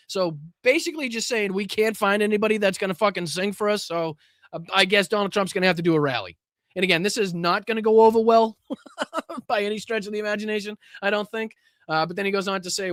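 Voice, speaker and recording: Profane, high-voiced New man ranting. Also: fast, a bit bright, no room sound, clean studio sound. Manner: profane, sarcastic, laughing, rambling with restarts. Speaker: host of a political commentary stream. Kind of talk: live political rant.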